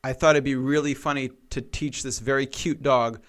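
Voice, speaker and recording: A young man co-hosting a casual radio talk show, rambling through opinions and retelling stories with animated quoted voices. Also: mid-range voice, moderate pace, clean tone. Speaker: co-host bringing topics.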